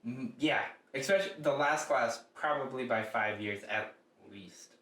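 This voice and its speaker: A young man in casual podcast chat, rambling along with plenty of "like"s. His voice sits at a middle pitch and is caught from a bit away from the mic. It carries the echo of a hard room. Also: unhurried, fairly bright tone. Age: young adult. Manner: rambling, filler-heavy talk with many "like"s. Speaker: podcast co-host. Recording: echoey room, mic at a distance.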